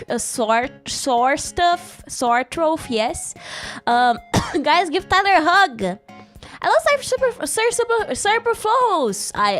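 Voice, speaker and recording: A woman streamer with a fairly high voice chats casually on her livestream, rambling and giggling and greeting chat mid-story. She's still recovering from a sore throat and cough.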